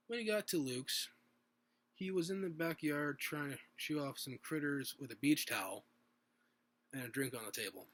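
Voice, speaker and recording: A man's voice: mid-range voice, expressive, measured pace, pauses often, a bit bright. A man reading his own story aloud at home, unpolished, with restarts and little asides.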